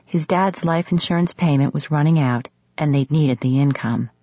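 A woman narrating a romance audiobook in a measured, sultry manner. The recording sounds slightly muffled. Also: deep voice, mellow, no room sound.

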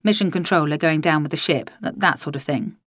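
A woman's voice: deep voice, a little fast, dry recording, clean studio sound. A woman narrating a first-person audiobook in a wry, dryly comic manner.

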